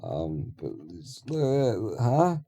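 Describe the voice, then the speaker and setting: A man's voice: lowish voice, big pitch swings, very slow, dark tone. A man streaming a building game, rambling and thinking aloud in casual talk with offhand swearing.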